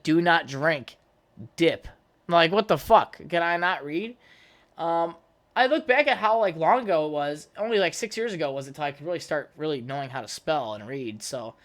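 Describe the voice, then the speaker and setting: A young man with a slightly high, fairly bright voice hosts his own podcast. He tells casual stories from his childhood on his own, rambling and cursing, with many fillers and restarts.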